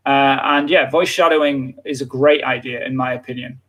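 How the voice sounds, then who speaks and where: A man's voice: mid-range voice, steady tone, normal speed, a bit bright. A British man with a British accent, hosting a live English lesson and talking with many fillers and restarts. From Britain. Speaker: English teacher, livestream host.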